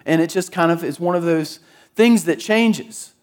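A man with a high, light voice preaches in a relaxed, conversational way. He is middle-aged and from the Jacksonville, Florida area. He tells stories and slips into quick acted-out voices of the people in them. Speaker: pastor. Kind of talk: sermon.

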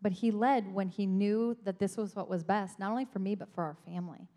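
A middle-aged woman sharing personal stories from her marriage during a sermon, dropping softly at the ends of lines. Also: medium pitch, fairly even intonation, fairly quick. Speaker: pastor's wife, co-speaker. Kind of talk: sermon testimony.

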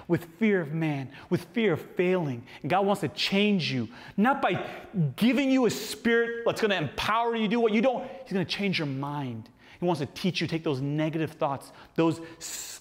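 High-voiced man preaching in a hall. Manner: animated preaching with playful asides. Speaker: pastor. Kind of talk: sermon.

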